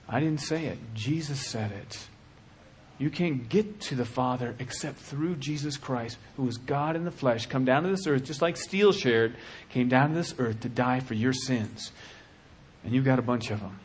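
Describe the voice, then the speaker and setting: A man preaching a sermon with passion, dropping to a hush and then rising to shouting. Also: medium pitch, a little hiss or hum. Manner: impassioned, swings from hushed to shouting.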